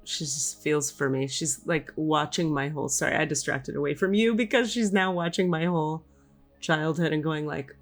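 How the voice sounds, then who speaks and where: A woman hosting a podcast, speaking softly and reflectively, with frequent hums and sighs as she channels a spirit. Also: low-pitched, normal speed, faint music behind. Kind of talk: casual podcast talk.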